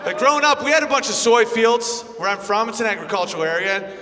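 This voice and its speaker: A man performing a crude, animated stand-up set in a comedy club and trading remarks with the crowd. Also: sits high, quick pace. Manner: brash, crude, animated storytelling. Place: comedy club stage before a live audience. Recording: live club recording with hall reverb and crowd noise.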